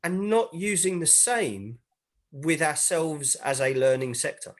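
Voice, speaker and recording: Male panelist, high-pitched, measured and persuasive. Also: lively intonation. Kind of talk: panel discussion.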